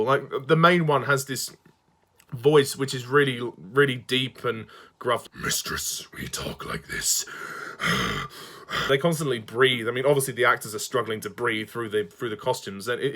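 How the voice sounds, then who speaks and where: A man in the middle of a ranting fan review, his voice sitting at an ordinary pitch. He sounds exasperated throughout, breaking off to sigh and swear before pressing on with his complaints. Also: a bit bright.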